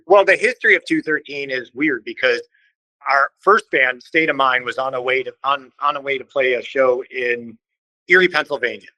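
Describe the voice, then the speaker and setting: A band vocalist from Cleveland, Ohio, appears as a podcast guest, telling stories animatedly in casual conversation and swearing casually while acting out others' words in quick little voices. His voice is medium in pitch, with no room sound but a low-quality recording.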